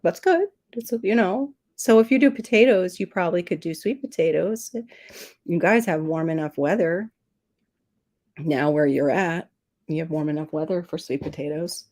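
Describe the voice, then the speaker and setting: A woman's voice: on the low side, normal speed, a little mellow. A middle-aged woman hosting a casual livestream, telling a personal story while teary and sniffling. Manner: emotional, tearful storytelling, sniffling. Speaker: livestream host. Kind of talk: casual livestream chat with viewers.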